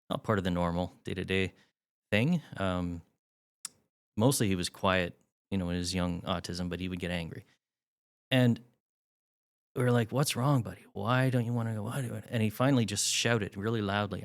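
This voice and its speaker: Deep-voiced middle-aged man telling candid stories. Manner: candid, with wry self-deprecating humor. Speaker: podcast guest, father. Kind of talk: candid storytelling in an interview.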